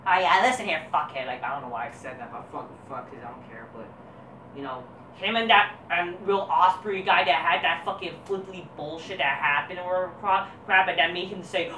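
A woman's voice: on the low side, brisk, bright, forceful tone, slight background noise. A foul-mouthed woman ranting from across a room. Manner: crude, swearing, dismissive and combative. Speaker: wrestling review vlogger. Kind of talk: profane ranting review. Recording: roomy echo, voice distant from mic.

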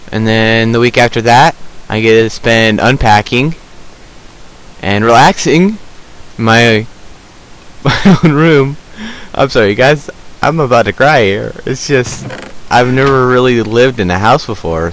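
A man's voice: medium pitch, a bit bright, rough recording. A man chatting casually to his viewers while playing a survival game, rambling with lots of fillers. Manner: unhurried with many fillers. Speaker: gameplay video creator. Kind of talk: casual gameplay commentary.

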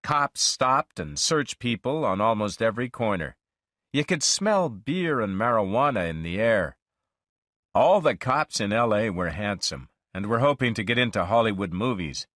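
A man narrating a story slowly and expressively for English learners. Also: fairly low pitch, animated, a bit bright, no room sound, clean studio sound.

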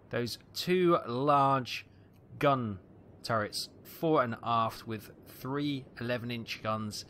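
A man's voice: medium pitch, a bit bright, slight background noise. A man hosting a gaming channel, chatting and explaining as he plays, with frequent fillers. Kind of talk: game commentary.

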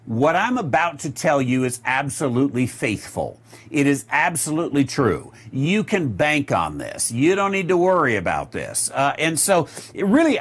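A male Bible teacher works through scripture verse by verse at an unhurried pace. His voice moves up and down a lot, and he stops often to reach for the next word. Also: mid-range voice. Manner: unhurried, with many filler pauses; reads scripture aloud and explains it.

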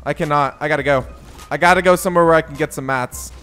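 High-voiced excitable young gaming commentator. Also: male voice, fast, clear, resonant tone, soft background music. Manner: excitable, jumps to yelps at in-game moments. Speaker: gaming YouTuber. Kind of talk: casual gameplay commentary.

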